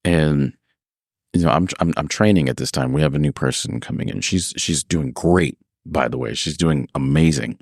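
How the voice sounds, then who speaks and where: Podcast host, male, low voice, animated storyteller, dry sound. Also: normal speed, gravelly, dry recording. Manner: animated storyteller, acts out customers with big pitch jumps. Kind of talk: casual storytelling chat.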